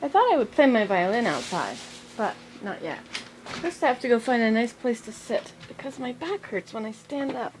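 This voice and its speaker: A woman's voice: fairly high pitch, animated, moderate pace, background noise. A woman vlogging casually from home and garden, chatting in a meandering way to the camera and to herself. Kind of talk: casual rambling vlog.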